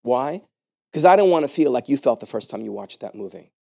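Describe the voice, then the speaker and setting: A man's voice: mid-range voice, lively intonation, a little fast, creaky, dark tone, dry recording, clean studio sound. A man explaining a therapy method to listeners through plain, conversational stories. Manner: conversational, plain-spoken teacher. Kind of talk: storytelling lesson.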